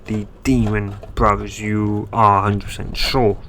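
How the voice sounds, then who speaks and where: A man's voice: on the low side, flat delivery, unhurried, fairly bright tone, a little hiss or hum. A man reading as a serious ninja leader. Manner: hesitant, stumbling delivery. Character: adult male ninja team leader, calm and serious.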